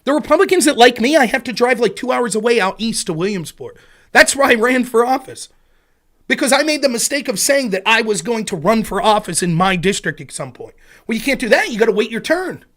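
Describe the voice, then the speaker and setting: A man's voice: very high-pitched, lively intonation, brisk, fairly bright tone. A man hosting a political livestream, ranting heatedly and sarcastically with frequent swearing. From Pennsylvania. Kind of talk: profane political rant.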